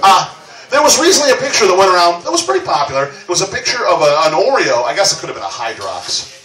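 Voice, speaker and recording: A man's voice: sits high, wildly swooping pitch, fast talker, bright, forceful tone, distant mic, soft background music. A man doing a live stand-up set on a comedy club stage, crude and conversational, with wry asides. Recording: roomy club recording from afar.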